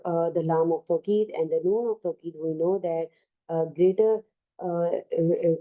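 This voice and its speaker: A woman with a South Asian English accent teaching an online Arabic grammar lesson, explaining slowly with many fillers and restarts. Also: lowish voice, warm tone, highs cut off.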